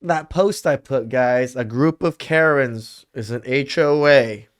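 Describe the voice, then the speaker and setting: A man in his thirties with a smooth, resonant mid-range voice. He co-hosts a reaction podcast and throws in blunt, sarcastic remarks. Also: medium pitch, slow pace. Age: 30s. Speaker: podcast co-host. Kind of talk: reaction commentary.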